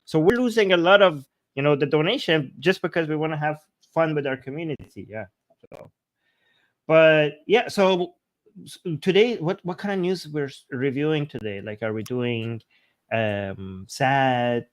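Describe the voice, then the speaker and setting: A man co-hosting a news talk show in a relaxed way, asking questions and chiming in. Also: fairly high pitch, normal speed. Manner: relaxed, asks questions and agrees briefly. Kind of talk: casual news discussion.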